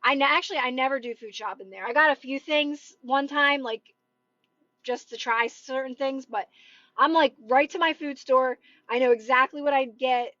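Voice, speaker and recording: High-voiced chatty woman on a phone livestream. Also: normal speed, bright, forceful tone, no room sound. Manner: chatty and rambling, full of "like" and "right?". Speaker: manifestation coach. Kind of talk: casual livestream chat with viewers. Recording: dull, dry phone livestream audio.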